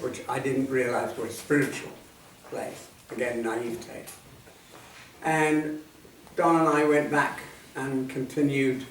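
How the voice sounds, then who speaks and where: A man in his seventies shares personal memories at a talk, speaking softly and reflectively and letting his sentences trail off. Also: medium pitch. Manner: reflective, soft-spoken, trailing off at line ends. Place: meeting hall at a centre. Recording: echoey hall, distant mic, faint noise.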